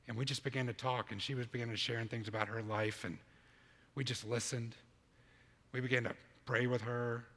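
A man preaching a sermon as a church planter, telling a story in an animated way and acting out his own side of a conversation. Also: mid-range voice, long reverb tail.

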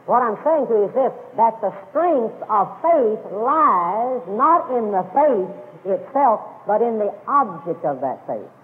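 A man's voice: sits high, very animated, a little slow. A man preaching a sermon to a congregation, emphatic and repeating his key phrases. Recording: phone-like lo-fi radio broadcast with long reverb.

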